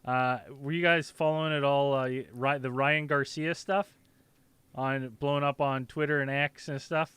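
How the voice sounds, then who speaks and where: A man's voice: mid-range voice, fairly even intonation, moderate pace, fairly bright tone, smooth, dry recording. A man hosting a live podcast, chatting casually and rambling with many fillers and laughs. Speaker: podcast host. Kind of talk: casual live-stream chat.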